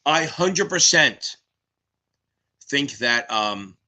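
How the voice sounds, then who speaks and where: Fast-talking, profane male tutor. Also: medium pitch, animated, sharp tone. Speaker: exam tutor, stream host. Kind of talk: live stream Q&A chat.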